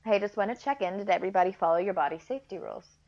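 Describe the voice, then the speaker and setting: A woman, a guest adoptive mother in a casual interview chat, talking frankly and telling animated stories. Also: mid-range voice, racing, lo-fi sound. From Texas, US. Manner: frank, animated storytelling with laughs.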